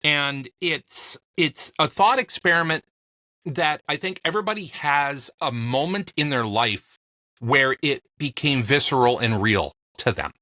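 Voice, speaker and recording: A man's voice: medium pitch, unhurried, pushed and bright, dry recording. A man co-hosting a podcast, joking and musing in casual chat. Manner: jokey, discursive. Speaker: podcast co-host.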